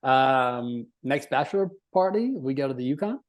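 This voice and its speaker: A man's voice: medium pitch, expressive, normal speed. A man co-hosting a podcast, chatting casually, joking, laughing and swearing freely. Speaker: podcast co-host.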